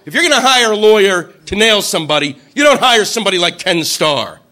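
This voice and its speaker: A man doing a profane stand-up routine, ranting and acting out shouted impressions. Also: sits high, sing-song, a little fast. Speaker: stand-up comedian.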